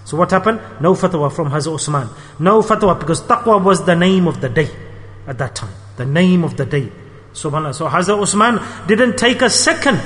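A man preaches with urgency and emphasis, driving points home by repeating his phrases. His voice sits high and rolls fast. It carries a long reverb, as in a big hall. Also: lively intonation, fairly bright tone. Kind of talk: sermon.

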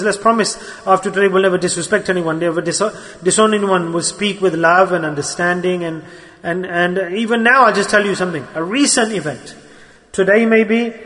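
A man's voice: high voice, a bit bright, in a large hall. A man preaching a sermon in a mosque, earnest and exhorting, mixing Arabic and Urdu religious terms into his talk.

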